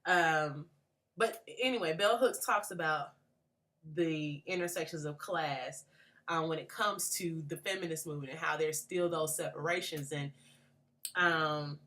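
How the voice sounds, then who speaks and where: Low-pitched young woman, grad student, reflective and halting, many fillers. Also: fairly bright tone. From Atlanta. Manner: thoughtful, many fillers and restarts. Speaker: graduate student. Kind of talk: reflective book response.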